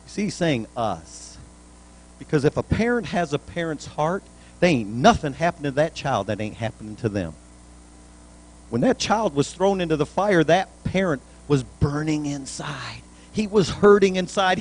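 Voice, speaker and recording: High-voiced man preaching folksy sermon. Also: very animated, moderate pace, darkish tone, low-quality recording. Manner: folksy, plainspoken preaching with colloquial grammar. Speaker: pastor. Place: church.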